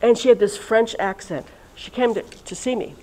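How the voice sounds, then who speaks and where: Chatty nun with a high voice. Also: female voice, normal speed, rough recording. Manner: chatty and lively, talks directly to listeners. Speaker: religious sister leading a reunion session. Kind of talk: informal talk to a live audience. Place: college event room.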